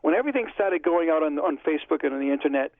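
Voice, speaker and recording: Man, interview guest, chatty storyteller, fairly high voice, phone-line sound. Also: animated, very fast, no room sound. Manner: chatty, retells conversations in dialogue.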